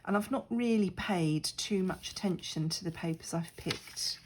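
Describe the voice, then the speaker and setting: A middle-aged crafting vlogger rambles casually while crafting, teasing herself along the way. She has a fairly low voice at normal speed, and the rough recording carries a little hiss or hum.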